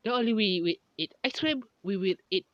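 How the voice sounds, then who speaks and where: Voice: mid-range voice, fairly quick, no room sound, muffled recording, lightly acted. A narrator voicing an eager, polite young hero boy who stumbles as he talks. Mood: cheerful. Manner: hesitant, stumbling speech.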